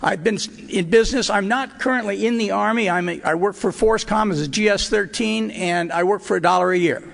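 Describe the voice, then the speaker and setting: A man's voice: high voice, fairly quick, vocal fry, fairly bright tone. An older man sharing his personal recovery story at a meeting, earnest and emotional, with wry asides. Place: hotel meeting hall. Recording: reverberant hall recording.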